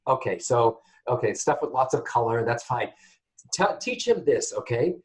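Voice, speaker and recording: A man hosting a call-in psychic reading show, chatty and animated, often turning to address his listeners. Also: medium pitch, moderate pace, low-quality recording. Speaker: psychic medium host.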